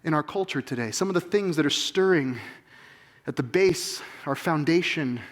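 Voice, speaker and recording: A man's voice: fairly high pitch, moderate pace. A man in his forties preaching a sermon, emphatic and full of rhetorical questions to the congregation. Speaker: pastor.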